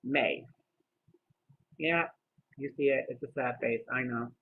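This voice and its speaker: A man's voice: mid-range voice, slow, gravelly, breathy edge. A man narrating his own vlog like a diary, chatty, with wry asides to the viewer. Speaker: vlogger narrating his giveaways. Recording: tinny phone-like audio with faint hiss.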